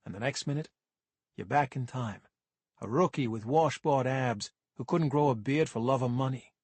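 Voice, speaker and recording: Husky man narrating an audiobook. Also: mid-range voice, no echo. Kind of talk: first-person audiobook narration.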